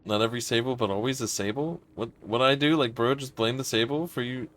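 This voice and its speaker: A man with a medium-pitched, slightly bright voice talks quickly while streaming a horror game live. He swears and speaks frankly as he puzzles over a confusing match, criticizing himself in casual gameplay commentary.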